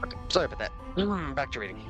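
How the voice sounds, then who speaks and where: A man reading a novel aloud live on stream, lively with small stumbles. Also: medium pitch, rapid-fire, music in the background.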